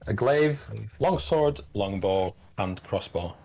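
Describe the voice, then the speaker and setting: GM, slightly low voice, halting narration with frequent restarts. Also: male voice, expressive, darkish tone. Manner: halting, stammers and restarts while describing scenes. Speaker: game master. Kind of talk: narrating a tabletop game.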